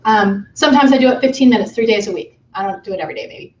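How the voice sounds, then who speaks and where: Lady presenting at a conference, chatty with lots of ums, a bit high, heard far off in a roomy hall. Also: very fast. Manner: chatty, informal, with many fillers. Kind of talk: conference talk. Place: conference session room. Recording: dull echoey room from afar.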